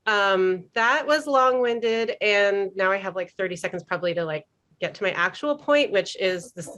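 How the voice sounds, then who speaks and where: A woman speaking on a video-call panel discussion, fast and rambling with many fillers. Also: lowish voice, fairly bright tone. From New York. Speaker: panelist, organizer.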